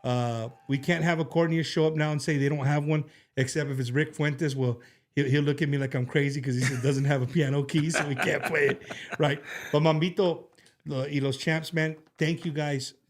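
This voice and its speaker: A man's voice: fairly high pitch, fairly even intonation, moderate pace. A man hosting a casual talk show, speaking in a rambling, heartfelt way with many restarts and fillers. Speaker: show host. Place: studio.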